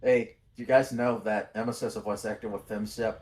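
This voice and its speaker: A man's voice: lowish voice, steady tone, fairly quick, a little mellow. A man chatting casually during a game stream, rambling and repeating his words as he gets to a point. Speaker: co-player. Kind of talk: casual chat while playing. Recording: noisy, hissy mic.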